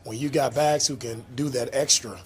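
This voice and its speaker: A man's voice: mid-range voice, steady tone, normal speed, slightly rough. A man speaking as a head coach at a postgame press conference, praising his team and often adding "right?" to his points. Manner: praising, leans on "right?" tags.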